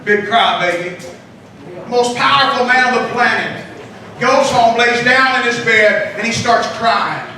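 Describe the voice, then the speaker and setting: A pastor preaching with emphasis, often breaking into shouts and calling for responses from the congregation. His voice sits very high and sounds bright and forceful. The sound booms around a large church sanctuary, picked up from a distance. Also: measured pace, slight background noise. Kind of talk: sermon. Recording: echoey hall, distant mic.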